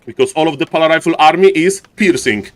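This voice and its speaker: A man from Poland with a thick Polish accent, giving live esports commentary for a stream audience and often calling out to "ladies and gentlemen" with jokey asides. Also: a little high, expressive, quick pace. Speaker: esports caster.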